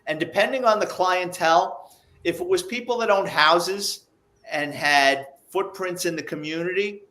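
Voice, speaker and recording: A man's voice: high voice, normal speed. New man telling police stories. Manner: animated, acts out the people in his stories. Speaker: guest, retired police investigator. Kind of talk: casual storytelling.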